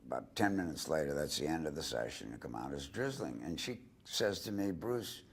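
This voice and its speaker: Older male guest, deep gravelly husky voice, animated storyteller acting out quotes. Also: brisk. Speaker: interview guest. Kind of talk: anecdotal storytelling.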